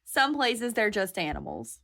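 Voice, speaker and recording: A woman's voice: mid-range voice, wildly swooping pitch, measured pace, fairly bright tone. A woman hosting a podcast, chatting casually and enthusiastically about animals. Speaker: podcast host. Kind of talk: casual chat.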